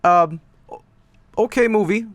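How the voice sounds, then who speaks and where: A man's voice: sits high, unhurried, dry recording. A man chatting casually on a stream, rambling with lots of fillers and restarts and swearing now and then.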